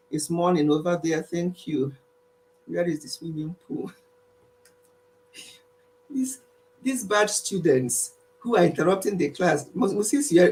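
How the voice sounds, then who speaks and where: A woman's voice: on the low side, a little mellow, distant mic, a little hiss or hum, rough recording. A woman hosting an online praise and health session, speaking earnestly, repeating herself and teasing her listeners playfully over a video call. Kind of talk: casual spoken prayer and chat.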